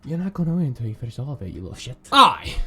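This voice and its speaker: A man's voice: mid-range voice, sing-song, racing. A man doing let's play commentary, reading game text aloud and cracking profane, rambling jokes. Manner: profane, rambling, jokey asides. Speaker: gaming YouTuber. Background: faint game music.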